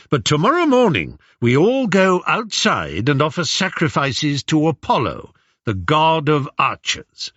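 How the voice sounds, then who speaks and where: A haughty young nobleman who barks orders and swells with indignation, as a man acts him out in an audiobook. The delivery is pompous and full of lively rises and falls. It sits on a dry, slightly dull recording. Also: on the high side, dry recording, voice pushed up, full character voice. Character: arrogant, blustering young nobleman, leader of suitors.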